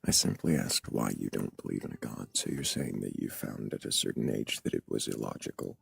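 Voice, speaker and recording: A man's voice: rumbling low, brisk, vocal fry, husky. A man hosting a live stream, questioning a caller and pressing his points. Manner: probing, interrupts to press points. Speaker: host.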